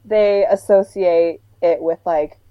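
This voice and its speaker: A young woman chatting casually with friends, her voice mellow and warm. She rambles through her stories, loose and full of filler words. The sound is close and dry, with no room around it. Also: fairly low pitch, slow pace, no room sound, low-quality recording. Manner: rambling storyteller with many "like" fillers. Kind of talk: casual chat among friends.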